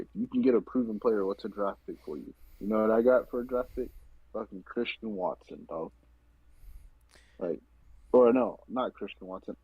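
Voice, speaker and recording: Low husky man ranting profanely. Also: no room sound. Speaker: podcast co-host. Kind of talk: casual sports chat. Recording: dull lo-fi sound.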